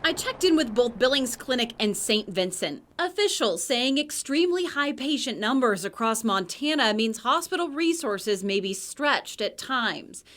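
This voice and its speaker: A woman reporter narrating a news package in a measured, formal way. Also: fairly high pitch, expressive, fairly bright tone.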